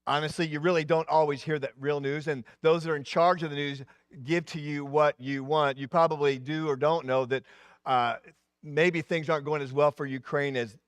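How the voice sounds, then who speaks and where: A man in his sixties, a pastor giving a sermon in an animated preaching style, his voice rising and dropping, with asides. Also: mid-range voice, dry recording, clean studio sound.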